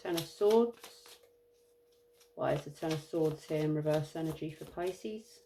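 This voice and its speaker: Slow, mellow-voiced woman reading tarot. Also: low voice, vocal fry, slight background noise. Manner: slow, halting, musing delivery with fillers. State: tired, yawning. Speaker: tarot reader.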